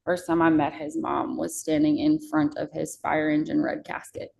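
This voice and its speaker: A woman's voice: low voice, little pitch movement, normal speed, gravelly, a little mellow, poor audio. A young woman, a podcast guest, telling a personal story in a candid, casual way and swearing freely.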